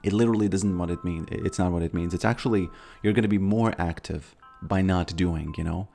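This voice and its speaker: A man's voice: sits low, a little fast, gravelly, dark tone, soft background music. A man streaming a video game, chatting casually in a rambling way, often stammering and repeating his words. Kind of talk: casual gameplay commentary.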